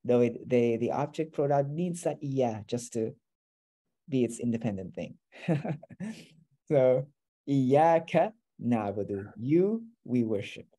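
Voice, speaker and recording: Man, teacher, mellow tone, patient step-by-step explaining, online class. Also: medium pitch, expressive, slow, long pauses. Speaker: Arabic teacher.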